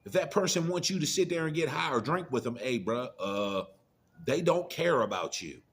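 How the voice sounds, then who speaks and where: A man's voice: a little high, expressive, moderate pace, fairly bright tone. A middle-aged man giving a profane, preachy monologue of blunt warnings in casual rant style. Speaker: commentator.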